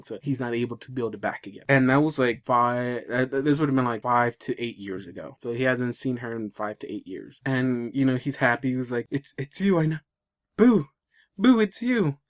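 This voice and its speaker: A man co-hosting a casual podcast, retelling a story in a rambling way with many restarts. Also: mid-range voice. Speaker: podcast co-host.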